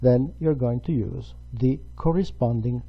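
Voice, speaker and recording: A man's voice: medium pitch, unhurried, creaky, slightly rough, lo-fi sound. A man teaching a grammar lesson, explaining patiently step by step. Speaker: Italian language teacher.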